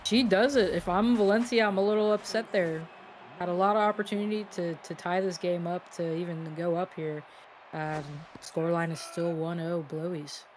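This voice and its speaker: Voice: medium pitch, steady tone, moderate pace, faint music behind. A guest co-commentator on a casual fake baseball broadcast, making brief, laid-back remarks.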